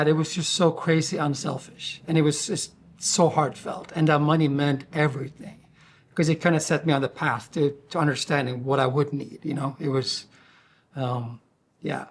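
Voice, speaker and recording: A man's voice: fairly high pitch, fairly even intonation, brisk, slight background noise. A man hosting a podcast, recounting a personal story in a heartfelt, grateful way. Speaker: podcast host.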